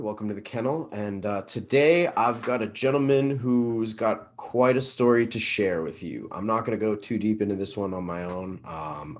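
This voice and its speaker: Male podcast host, late 30s, from Massachusetts, lowish voice, loose casual delivery with filler words. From Northeastern Massachusetts. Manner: loose and laid-back, lots of ums, quick to laugh. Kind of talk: casual interview chat.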